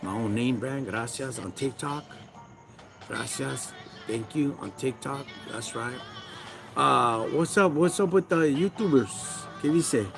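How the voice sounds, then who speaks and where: A man's voice: mid-range voice, slow, vocal fry, music in the background. A man with a Chicano accent hosting a casual livestream, ranting in street slang and talking back to his chat. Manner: slangy, preachy, talks to chat. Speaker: livestream host. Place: backyard.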